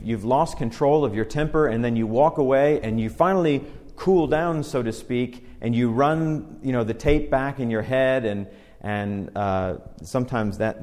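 A male pastor preaching a sermon in a conversational way, slowing down and stressing each scripture verse he reads. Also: mid-range voice, a little mellow. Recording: long hall reverb.

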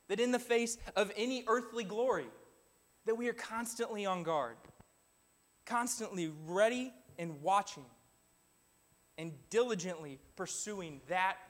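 High-voiced man preaching a sermon. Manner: earnest, reads scripture aloud then exhorts the congregation. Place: church building.

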